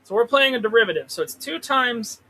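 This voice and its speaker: Bright-voiced man cursing through a trading stream. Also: very high voice, lively intonation, fairly quick, poor audio. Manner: profane, rambling, talks to the chart. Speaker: livestream host trading stocks. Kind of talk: casual live-stream chat. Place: trailer. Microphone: desk mic with pop filter.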